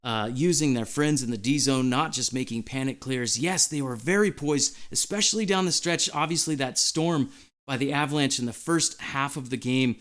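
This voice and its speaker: A man with a mid-range voice hosts a live stream at a moderate pace, giddy and out of breath. He reads chat messages aloud amid an excited chat.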